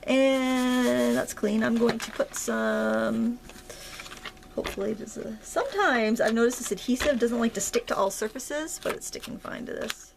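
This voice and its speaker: A woman's voice: fairly high pitch, moderate pace, gravelly, background noise. A woman with a Maine accent hosting a casual crafting tutorial, chatty and self-deprecating as she thinks aloud while working. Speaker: craft video host.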